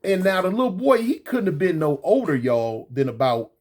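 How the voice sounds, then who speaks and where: A storyteller talking casually and slangily, animated, often repeating words and acting out voices. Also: medium pitch, moderate pace. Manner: acts out voices in quotes.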